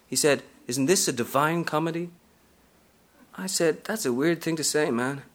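A man's voice: a little high, moderate pace, voice pushed up, lightly acted. A man reading aloud from a novel, narrating as a brash, streetwise aging woman hustler in a sassy first-person style.

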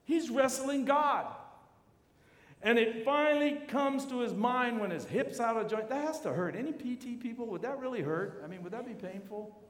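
A man, a university chaplain, preaching a sermon with animated storytelling, acting out the voices of the people in his story. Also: extremely high pitch, brisk. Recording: echoey hall.

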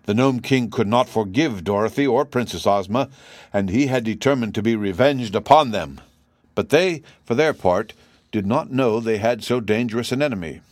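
A man narrating a classic children's fantasy book in a steady, even reading voice. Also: on the low side, moderate pace, dry recording, studio quality. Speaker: audiobook narrator. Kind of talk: scripted storybook narration.

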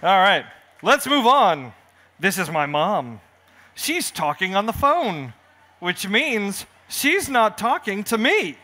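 With a high-pitched, sharp voice that swings widely in pitch, this children's author reads slowly from his picture book at a festival. He plays the showman, trading playful jokes with the family crowd.

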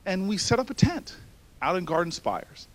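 A man telling a personal story in a speech, animated and building to shouts, then turning hushed and earnest. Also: high voice, normal speed. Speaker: speaker addressing a university audience.

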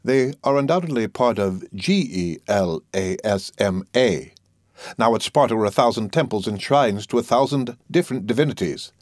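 A man's voice: lowish voice, lively intonation, normal speed, no echo, clean studio sound, close to an everyday voice. A man voicing an eccentric wealthy host who swings from mocking laughter to musing cordiality in a storybook reading. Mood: flamboyant. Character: eccentric wealthy male host, theatrical and mercurial.

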